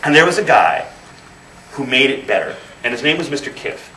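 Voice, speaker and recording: A man's voice: medium pitch, big pitch swings, brisk. Man giving a speech in a roomy hall. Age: 30s. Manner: storytelling, emphatic repetition. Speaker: guest speaker. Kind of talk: motivational speech. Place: event hall. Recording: roomy, distant mic, faint noise.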